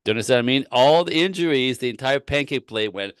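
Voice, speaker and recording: A man working as a relationship coach, giving advice in a live-stream Q&A with animated, rambling storytelling and frequent laughs. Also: medium pitch, quick pace, clear, resonant tone, no room sound, studio quality.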